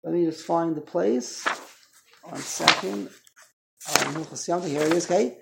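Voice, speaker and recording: A man's voice: a little high, takes it slowly, vocal fry, heavy background noise. A man leads an informal Torah class in a conversational tone. He keeps tossing questions to his listeners and corrects himself mid-thought as he explains. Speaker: Torah teacher.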